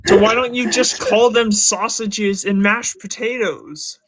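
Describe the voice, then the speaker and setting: A man's voice: high-pitched, fairly even intonation, a little slow, a bit bright. A man hosting a live stream, joking crudely and laughing with friends on a call. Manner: brash, crude, laughing banter. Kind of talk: casual group chat on a live stream.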